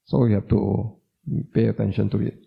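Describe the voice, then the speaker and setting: The lo-fi recording, dull in sound, captures a doctor teaching Buddhism informally. His low, husky male voice carries vocal fry, moves little in pitch and runs at normal speed, and he repeats words for emphasis while asking listeners questions.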